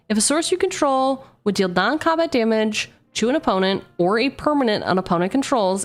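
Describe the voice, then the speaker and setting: A young woman hosts a casual card-opening stream, playful and chatty as she reads card text aloud and banters with chat. Her pitch sits mid-range for a woman, with faint music underneath.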